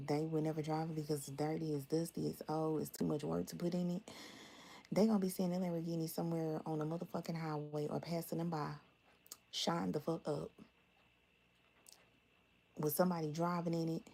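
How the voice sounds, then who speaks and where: Low, gravelly woman giving a tarot reading. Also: rough recording. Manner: blunt, profane and animated. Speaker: tarot reader. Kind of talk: casual tarot reading to viewers.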